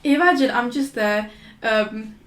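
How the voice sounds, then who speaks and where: A young woman chats on a podcast, rambling through stories with many restarts and laughs. Her voice sits a little high. The room gives it a roomy echo. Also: measured pace, a little hiss or hum. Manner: rambling storyteller, restarts often, laughs a lot. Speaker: podcast co-host. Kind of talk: casual chat.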